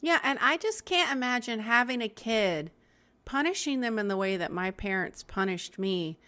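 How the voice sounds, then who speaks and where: A woman co-hosting a podcast in casual chat, candid and quick to laugh while telling stories. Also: a little high, lively intonation, pushed and bright, clean tone. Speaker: podcast co-host.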